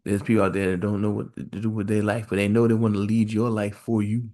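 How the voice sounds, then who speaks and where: A man's voice: fairly low pitch, little pitch movement, fast, dark tone. A man hosting a solo podcast, musing aloud in a casual, repetitive way and firing off one rhetorical question after another. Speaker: podcast host.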